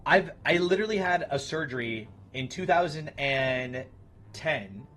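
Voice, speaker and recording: A man's voice: a little high, animated, a little slow, a bit bright. A man in his thirties chatting casually with his stream viewers in a blunt, profane way. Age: 30s. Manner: blunt, profane, talks to chat. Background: music.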